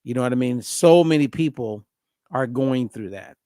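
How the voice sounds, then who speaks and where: A man hosting a casual podcast conversation as a diet coach, telling a story with lively acted-out dialogue. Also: mid-range voice, normal speed, smooth, dry recording, clean studio sound. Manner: animated storyteller acting out both sides of a phone call.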